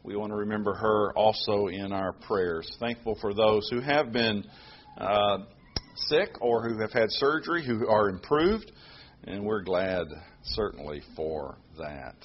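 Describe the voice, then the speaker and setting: A man preaching a sermon, moving from quiet prayer announcements to loud, emphatic points. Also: lowish voice, unhurried, lo-fi sound, slight background noise. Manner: animated preaching, shifts between hushed announcements and loud emphatic delivery. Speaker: pastor.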